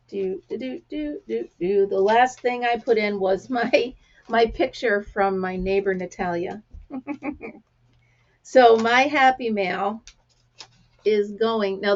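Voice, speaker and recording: Woman, American accent, gravelly and throat-clearing, chatty anecdotal host, slightly dull recording. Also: medium pitch, darkish tone. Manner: chatty storyteller, acts out quotes. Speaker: crafting vlog host. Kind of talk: casual chat to camera.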